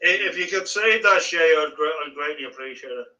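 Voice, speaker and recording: A man's voice: a little high, animated, pushed and bright, recorded from a distance, lo-fi sound. A man speaking hesitantly, stumbling over his words. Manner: hesitant, halting.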